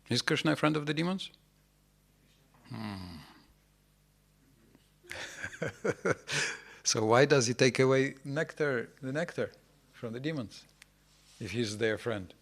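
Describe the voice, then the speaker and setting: Guy giving a loose scripture class, middle pitch, lots of uhs and restarts, asks the room questions. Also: creaky. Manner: rambling, many fillers and restarts, rhetorical questions to the audience. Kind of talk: informal scripture lecture. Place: temple hall before a small audience.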